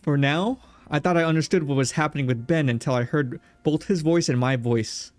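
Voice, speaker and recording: A man's voice: on the high side, a little fast, no room sound, lightly acted. Sardonic young villainess from a game, guy just reading her lines, dry close sound. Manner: plainly read game dialogue.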